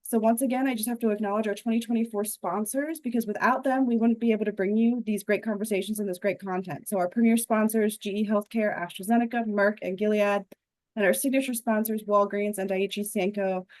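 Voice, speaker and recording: A woman's voice: mid-range voice, steady tone, a little fast, darkish tone. A woman hosting a live online webinar over a video call, wrapping up in an upbeat, chatty way. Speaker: webinar host.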